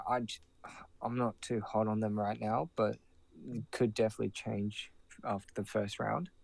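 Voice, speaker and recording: A man's voice: on the low side, gravelly, a little mellow, no echo. A man giving his season predictions on a casual podcast, hesitant and full of fillers. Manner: hesitant, lots of fillers and restarts.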